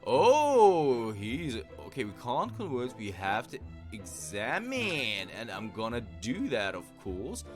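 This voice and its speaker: A man's voice: medium pitch, wildly swooping pitch, takes it slowly, hardly any pauses. A man hosting a game let's play, chatting casually and reading dialogue aloud. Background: game music.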